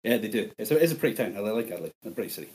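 A man with an East Scottish accent, a podcast guest chatting casually over a remote call, quick and self-deprecating. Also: lowish voice, very animated, a little mellow, rough recording. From Scotland.

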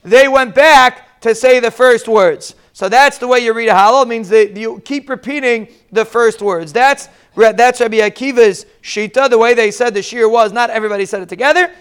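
A man's voice: extremely high pitch, moderate pace, few pauses, fairly bright tone, clean tone. A man giving a daily Talmud lesson, explaining step by step and repeating key lines. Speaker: Talmud teacher.

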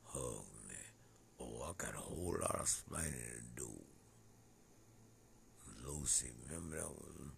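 A man talking in a rambling monologue that drifts between topics, swinging from loud outbursts to low mutters. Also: moderate pace, vocal fry, long pauses, a little hiss or hum.

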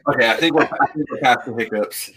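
Bright-voiced man in casual podcast chat. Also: mid-range voice, quick pace, slightly rough. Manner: relaxed, laughs easily, casual fillers. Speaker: sports betting podcast co-host. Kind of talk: casual sports betting chat.

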